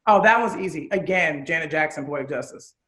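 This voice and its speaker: A woman in her thirties, raised in Chicago, speaks as a guest in a relaxed interview. Her voice is bright and forceful, and she talks with open, animated candor, swearing without a second thought. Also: deep voice, a little fast, a little hiss or hum. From Chicago, USA. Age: 30s. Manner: candid, animated, swears freely. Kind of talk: casual interview chat.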